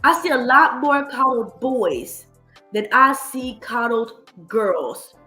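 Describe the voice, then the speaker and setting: A woman giving blunt, profane reaction commentary, animated and mocking. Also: fairly high pitch, slow, roomy sound, soft background music. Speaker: streamer commentator.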